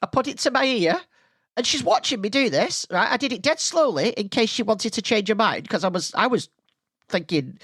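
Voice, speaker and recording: A man's voice: high-pitched, animated, a little fast, fairly bright tone, husky, no room sound, studio quality. A man hosting a podcast, telling a school story in a casual, rambling way full of tangents. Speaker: podcast host.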